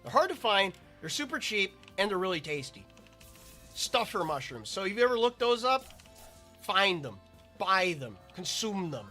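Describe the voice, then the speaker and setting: A man's voice: high-pitched, big pitch swings, normal speed, pushed and bright, faint music behind. A man giving rambling, chatty commentary while playing a video game. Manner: rambling, chatty, self-interrupting. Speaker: gaming video creator. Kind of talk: casual gameplay commentary.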